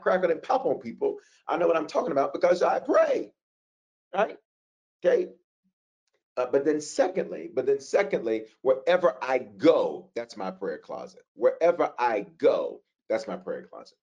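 A man leads a prayer class in a sermon style, with a slightly high voice that swings widely in pitch. He repeats phrases for weight and jumps into high, fervent bursts, then drops back into casual asides to his students. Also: a little mellow, highs cut off. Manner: preaching with emphatic repetition and sudden high outbursts.

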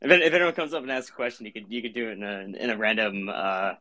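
A man's voice: on the low side, expressive, fast, pushed and bright. A man hosting a casual live audio chat, upbeat and prompting others with questions.

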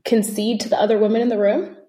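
A woman's voice: mid-range voice, flat delivery, fast, dark tone. A woman co-hosting a podcast, telling a candid personal story in a casual way with frequent fillers and asides. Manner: conversational, many fillers and asides. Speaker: podcast co-host.

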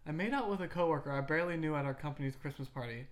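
A woman's voice: deep voice, rapid-fire. A woman co-hosting a casual chat show, reading out listener stories with giggles and stumbling restarts. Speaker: podcast co-host.

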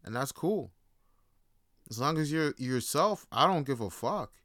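A man's voice: medium pitch, animated, unhurried, a bit bright, no room sound, clean studio sound. A man hosting a podcast, talking in a casual, rambling, profane monologue. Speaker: podcast host.

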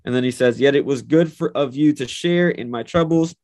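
A man's voice: medium pitch, a little fast, a little mellow. A man preaching a sermon and leading a prayer, earnest and emphatic, often repeating his words. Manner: earnest, repetitive, emphatic phrasing. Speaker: pastor.

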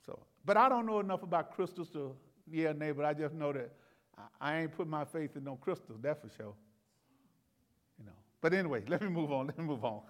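High-voiced pastor preaching in a reverberant hall. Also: male voice, expressive, fairly quick. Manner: conversational and folksy, laughs and repeats words; rises to loud exclamations for emphasis. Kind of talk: expository sermon.

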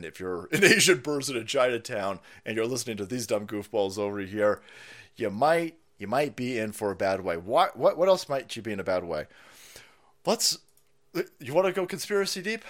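A man hosting a livestream, ranting with heavy profanity and mockery, swinging from loud outbursts to low mutters. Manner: profane, mocking, swings between shouting and muttering, laughs often. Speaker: livestream host. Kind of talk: ranting live commentary.

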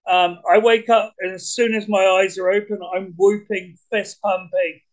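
A man with a British accent, talking as a podcast guest in an energetic, blunt way, swearing casually. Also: high-pitched, moderate pace, low-quality recording. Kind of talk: casual conversation.

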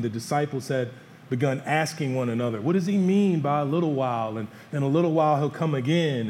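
A male pastor delivers an animated sermon in a church hall, shifting his pitch and loudness to voice the disciples and Jesus. The hall's long reverb dominates the recording, with faint background noise.

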